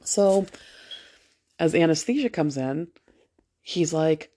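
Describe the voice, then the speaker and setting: A woman's voice: low-pitched, lively intonation, takes it slowly, mellow. Woman, about 40, nurse; casual profane storyteller, just back from a procedure. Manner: candid, profane, chatty. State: just out of anesthesia after a procedure.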